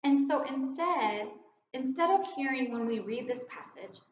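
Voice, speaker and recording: A woman's voice: high voice, animated, a little slow. A woman giving an informal devotional talk in an earnest, reflective, conversational way. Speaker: children's ministry director giving a devotion. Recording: echoey room, slightly dull sound.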